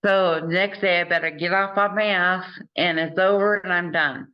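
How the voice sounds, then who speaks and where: A woman hosting an interview, earnest and encouraging, speaking slowly and carefully after a stroke. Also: lowish voice, fairly even intonation, clear, resonant tone, highs cut off. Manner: earnest and encouraging, laughs often. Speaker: interview host. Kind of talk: casual conversation.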